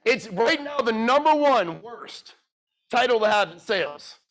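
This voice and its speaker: His voice is very high, animated, and a little slow as he gives a motivational keynote to a live audience. He's blunt and profane, tests the crowd with questions, and shifts from loud pushing to soft, emotional storytelling.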